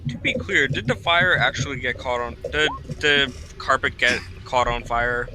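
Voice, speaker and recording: A man's voice: medium pitch, normal speed, background noise. A man chatting playfully as a player in a tabletop role-playing game. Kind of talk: casual tabletop game banter.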